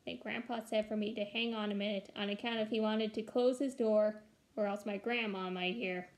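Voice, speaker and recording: A woman reading a children's chapter book aloud, lively and expressive. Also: medium pitch, normal speed. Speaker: reader.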